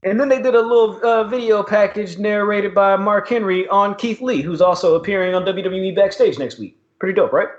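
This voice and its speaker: A man's voice: high-pitched, brisk, hardly any pauses. A man co-hosting a podcast, casually recapping wrestling with lots of slang and laughter. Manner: laughing, slangy, animated retelling. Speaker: podcast co-host. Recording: echoey room, dull lo-fi sound.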